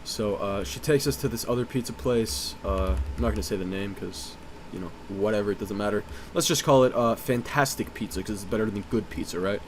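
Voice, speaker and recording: A man's voice: on the low side, fairly quick, hardly any pauses, slight background noise. A man telling a story in a casual, rambling, profane way, full of "uh" and "you know".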